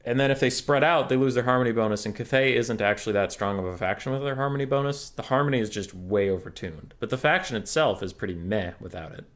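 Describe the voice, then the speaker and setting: A man's voice: mid-range voice, quick pace, few pauses, a bit bright. A young man streaming live game commentary, chatty and answering chat questions aloud. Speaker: tournament caster and streamer. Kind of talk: casual livestream game commentary.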